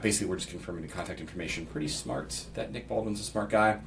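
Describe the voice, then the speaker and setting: Speaking at a racing pace but in a low, easygoing tone, a real estate agent from Pittsburgh walks viewers through software on a casual screen share. He thinks out loud and reads template text as he goes. His mic is slightly distant, and faint background noise runs under his speech.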